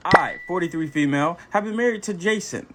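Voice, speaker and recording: A man's voice: sits high, brisk, a bit bright. A man reading aloud as a 43-year-old betrayed wife, telling her story in a matter-of-fact, resentful way. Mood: bitter.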